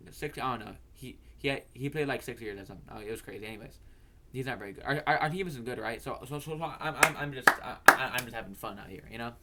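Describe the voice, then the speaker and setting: A man's voice: mid-range voice, pushed and bright. A young man hosting a fantasy football video, telling a story in a rambling way, stammering and repeating words and swearing casually.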